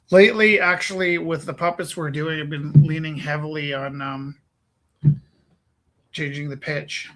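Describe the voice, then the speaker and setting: A man's voice: a little high, fairly even intonation, a little slow, long pauses, fairly bright tone, a little hiss or hum, rough recording. A man hosting a live art stream, chatting casually while he draws and drifting playfully between half-finished thoughts. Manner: rambling, playful, trails off mid-thought. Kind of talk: casual chat while drawing.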